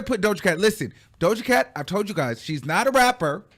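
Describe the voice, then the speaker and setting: A male host chatting through pop-culture gossip with plenty of sass, his voice sitting a bit higher than most men's. He drags words out for emphasis and laughs easily as he goes, loose and conversational. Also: brisk, hardly any pauses. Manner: animated and sassy, stretching out words for effect; laughs often while talking. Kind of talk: casual chatty commentary.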